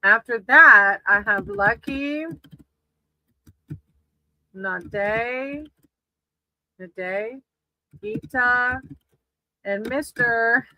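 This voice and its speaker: A woman's voice: on the high side, extremely slow, pauses often, lo-fi sound. A woman doing casual live tarot readings for viewers, affectionate and often laughing, calling people sweetie. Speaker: tarot reader on a livestream.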